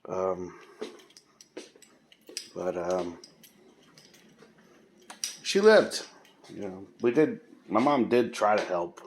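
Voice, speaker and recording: Slow-talking gravelly man. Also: sits low, expressive, a little hiss or hum. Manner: rambling, unhurried, many pauses and fillers; informal folksy speech. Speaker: vlogger. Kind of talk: casual storytelling.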